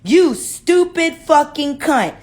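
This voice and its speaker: A woman's voice: low-pitched, moderate pace, voice pushed down, lightly acted. A woman voicing a prim, indignant neighborhood woman who scolds in proper, outraged tones.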